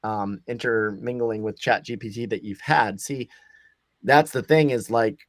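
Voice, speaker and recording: A man's voice: medium pitch, a little slow, dry recording. Chatty rambling man, dry sound. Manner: loose, rambling, frequent fillers. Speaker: host. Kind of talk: casual livestream chat.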